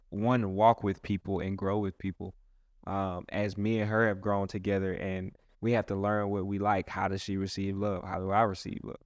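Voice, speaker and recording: Earnest low-voiced pastor, casual chat. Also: male voice, dry recording. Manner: rambling, earnest, many restarts and "like".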